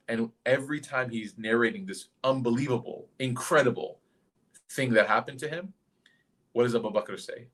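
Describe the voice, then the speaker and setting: Guy teaching a sermon like he's telling a story, chatty, mid pitch, keeps asking "right?". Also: normal speed. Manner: animated, conversational, asks the listeners questions. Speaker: religious teacher.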